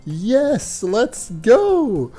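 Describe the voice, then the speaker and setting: A man's voice: very high-pitched, huge pitch swings, very slow, warm tone, faint music behind. A man streaming a game, reading its narration and commenting with self-deprecating chuckles. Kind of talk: let's-play commentary and narration.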